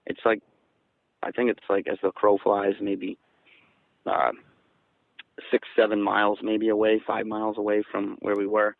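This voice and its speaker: A man from southeastern Massachusetts, a guest on an interview show, telling a story in a casual, excited way that turns louder and higher when he quotes people. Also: a little slow, gravelly, long pauses, no echo, low-quality recording. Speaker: guest recounting an encounter.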